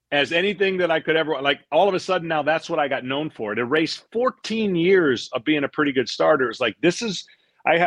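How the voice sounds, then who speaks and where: A middle-aged man, a former pitcher, telling stories in a casual interview; he acts out what people said and often repeats words as he goes. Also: dry recording. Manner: animated storyteller, acts out quotes, repeats words.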